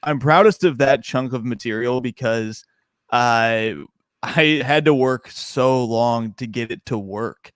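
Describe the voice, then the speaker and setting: A young man, a stand-up comedian, chatting casually on a podcast, animated and laughing often. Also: mid-range voice, slow, clean tone, no echo, clean studio sound.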